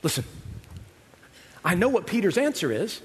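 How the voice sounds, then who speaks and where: A man preaches to a live congregation in a relaxed, talky way, often tossing out a quick question to the room. His voice sits high. A long hall reverb trails behind every phrase. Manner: conversational, asks the audience "right?"; acts out quoted voices of Bible figures. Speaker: pastor. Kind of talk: sermon.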